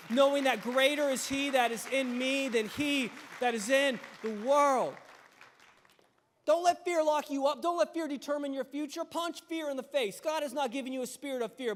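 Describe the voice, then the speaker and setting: A man preaching a sermon as pastor, animated and acting out quoted voices. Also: very high-pitched, long reverb tail.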